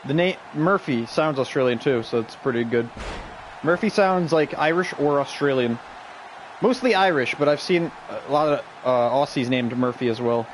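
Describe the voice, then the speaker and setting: A man hosting a stream and calling video game wrestling play by play, excitable and shouting the big moves while chatting with viewers. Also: mid-range voice, normal speed, slight background noise. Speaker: stream host and play-by-play commentator.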